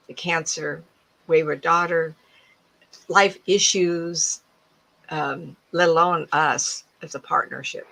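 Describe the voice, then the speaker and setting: A woman in her seventies, a psychic medium giving a casual talk to an audience, animated and laughing often as she acts out other people's voices. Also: low-pitched, creaky, slightly rough, low-quality recording. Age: 70s.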